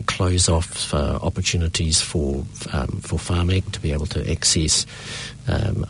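A man answering radio interview questions as a party leader, in a measured, halting way full of ums and uhs. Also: deep voice, a little hiss or hum. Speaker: political party leader, guest.

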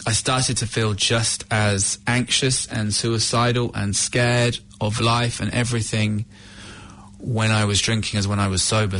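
A middle-aged man from the UK telling his own recovery story in a candid, halting, reflective way. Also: on the low side, a bit bright, slight background noise. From United Kingdom. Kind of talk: personal testimony.

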